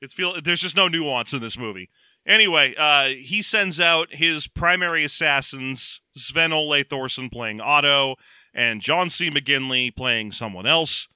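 A man with a strikingly bright, slightly high voice talks through a film in a casual review chat, sarcastic and quick. The sound is dry and close. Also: smooth, dry recording. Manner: sarcastic, quick recaps with mocking quoted voices. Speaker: podcast co-host.

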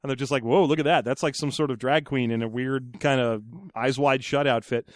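A man co-hosting a podcast, talking casually and deadpan about a film, with a lot of rambling restarts. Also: medium pitch, a little fast, no echo, clean studio sound. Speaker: podcast co-host. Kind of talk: casual chat.

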